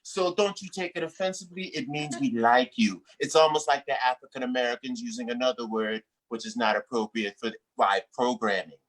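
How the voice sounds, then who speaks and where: A woman hosting a comedy show, using loud, hyped crowd-work and playful, rambling banter. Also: very deep voice, brisk, hardly any pauses. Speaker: host.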